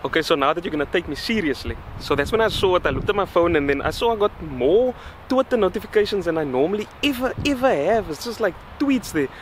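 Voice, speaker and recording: A young man from South Africa with a South African accent, excitedly rambling through a casual storytime vlog. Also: high voice, fast, a little hiss or hum. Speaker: vlogger. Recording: background music under voice.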